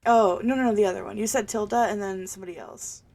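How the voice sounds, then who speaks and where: A woman's voice: mid-range voice, fairly even intonation, fast talker, gravelly, darkish tone. A young adult woman co-hosting a podcast in casual chat, giving blunt, candid opinions with a joking edge. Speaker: podcast co-host.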